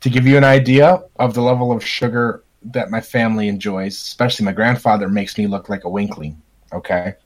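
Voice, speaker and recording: A man's voice: fairly low pitch, fairly even intonation, brisk. Blunt, profane man ranting casually. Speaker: podcast host. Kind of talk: casual chat.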